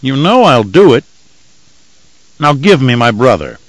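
A man's voice: mid-range voice, sing-song, a little slow, dry recording, poor audio. A man reading an audiobook voices a cruel young nobleman, cold and taunting. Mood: menacing. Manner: mocking, coldly threatening.

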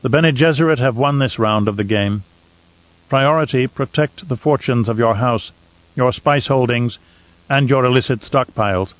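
A man reading an audiobook, voicing a cold, calculating male advisor who speaks calmly and carefully. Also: medium pitch, no echo, lo-fi sound, natural voice. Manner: calm, measured, sly.

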